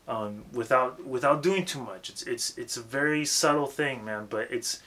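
A man's voice: mid-range voice, moderate pace, bright, forceful tone. A man giving a casual, emphatic lesson on rapping and stage presence, swearing freely and repeating himself for emphasis. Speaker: rap coach.

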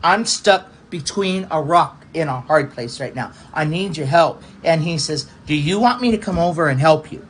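A man, a pastor, telling a personal testimony in a halting, repetitive way, circling back over the same phrases. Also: on the high side, animated, slight background noise, rough recording.

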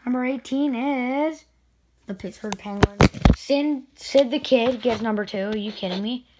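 A woman hockey video creator giving excited spin-the-wheel commentary with indignant outbursts. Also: fairly high pitch, a little slow, very noisy.

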